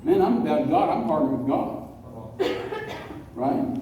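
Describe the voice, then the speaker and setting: A man preaching a folksy storytelling sermon, slowing down to stress key words. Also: on the high side. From West Texas. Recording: echoey hall, distant mic, faint noise.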